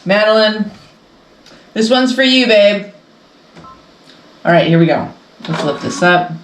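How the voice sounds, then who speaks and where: A woman's voice: mid-range voice, lively intonation, measured pace, reverberant, a little hiss or hum, rough recording. A woman hosting a casual sew-along quilting vlog from her home sewing room, talking in a chatty, rambling way and laughing often. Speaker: quilting channel host.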